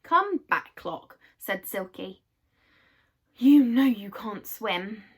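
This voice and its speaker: A woman voicing a gentle, caring young fairy girl in a storybook. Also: a little high, very animated, measured pace. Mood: scolding.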